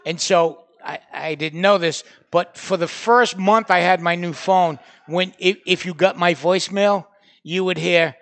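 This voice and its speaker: A middle-aged man with a Boston accent hosting a comedy show, trading quick wisecracks in casual banter. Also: high-pitched, gravelly, fairly bright tone.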